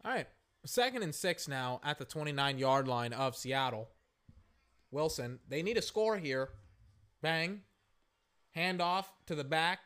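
A man giving casual live reaction commentary while watching a football game, rambling and calling plays excitably as they happen. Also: fairly high pitch, a little slow, long pauses, clean tone.

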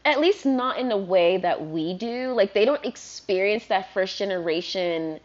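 A woman vlogger ranting casually, rambling and animated, full of "like". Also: mid-range voice, measured pace. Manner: rambling, animated, heavy use of "like". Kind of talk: casual rant to camera. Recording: dull lo-fi recording.

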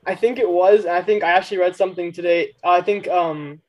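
A man's voice: sits high, fairly even intonation, a little fast. A man co-hosting a casual podcast chat, explaining at length with lots of fillers. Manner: rambling, filler-heavy explaining. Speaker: podcast co-host. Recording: dull lo-fi mic.

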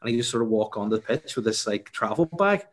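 A young man, telling a funny story in casual chat, animated and laughing, swearing freely. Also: fairly low pitch, fairly quick.

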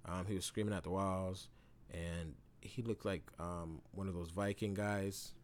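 A man hosting a podcast, telling a story in a loose, slangy way with plenty of swearing. He swings between loud bursts and low mumbles. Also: fairly even intonation, unhurried, noisy background. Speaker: podcast host. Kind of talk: casual storytelling monologue.

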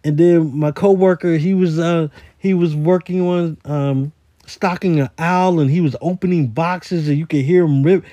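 A man's voice: a little high, fairly even intonation, moderate pace, warm tone, no room sound. A man who works in a store, telling a rambling story in a casual voice message, with many repeated words. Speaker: retail store worker.

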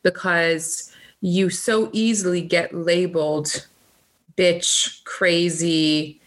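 A woman in her thirties chatting reflectively about parenting, often pausing and restarting her sentences. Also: fairly low pitch, fairly even intonation. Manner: hesitant, many restarts and fillers. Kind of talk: casual chat.

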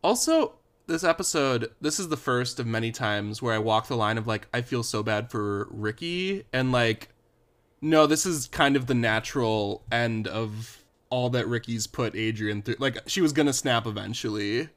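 A man co-hosting a casual podcast, talking through a TV episode. He rambles, circles back and leans on "like" as he goes. His voice sits at an ordinary pitch. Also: animated, normal speed, fairly bright tone. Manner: rambling, with frequent "like" fillers and sighs. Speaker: podcast co-host. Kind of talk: casual chat recapping a TV show.

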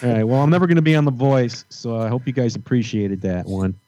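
A man's voice: mid-range voice, brisk, warm tone, dry recording. A man hosting a podcast, talking in a playful, joking way and teasing his guests. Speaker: podcast host. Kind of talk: casual podcast chat. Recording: dry, dull lo-fi audio.

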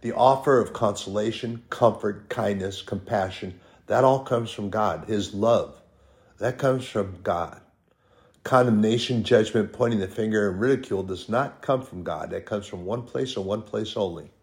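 A man preaching a sermon, stressing points with repeated lists and drawn-out words. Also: on the low side, darkish tone.

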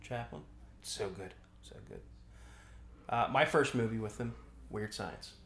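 A man co-hosting a podcast, casually commenting on a film as he watches, talking in halting stops and restarts. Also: on the low side, animated, gravelly, fairly bright tone. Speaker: podcast co-host. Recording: roomy echo, faint noise.

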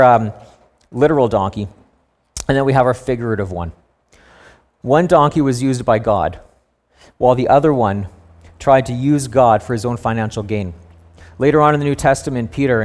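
A man preaching to a congregation, retelling a scripture story in an animated way. He breaks into humorous asides and voiced reactions, and his pitch sits right in the ordinary middle for a man. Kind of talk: sermon.

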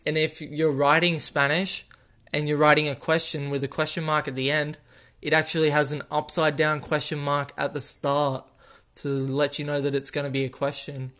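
A man hosting a casual solo podcast, recorded on a phone, explaining things in a slow, rambling way and correcting himself as he goes. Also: a little high, a bit bright. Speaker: podcast host.

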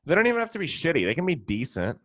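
A man's voice: on the high side, wildly swooping pitch, rapid-fire, fairly bright tone, no echo. A man, a comedian and podcast host, delivering a profane, sarcastic, exasperated comedic rant. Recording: dull lo-fi, dry.

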